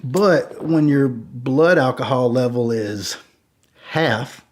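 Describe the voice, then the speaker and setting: A man with a medium-pitched voice tells a true story slowly and casually. He's animated, acting out every line of dialogue and saying "like" a lot.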